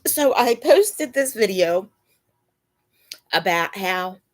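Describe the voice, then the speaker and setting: Slow-talking woman on a live chat. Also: medium pitch, expressive. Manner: emotional, near tears; talks to her pets mid-stream. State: dry mouth. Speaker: channel host. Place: at home in bed.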